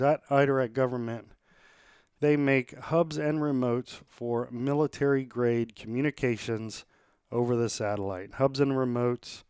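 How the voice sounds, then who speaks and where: Host: man, upbeat podcast reads, smooth clear voice, dry sound. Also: medium pitch, no echo. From United States. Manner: upbeat, rallying, plainspoken with fillers. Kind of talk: sponsor reads and casual interview.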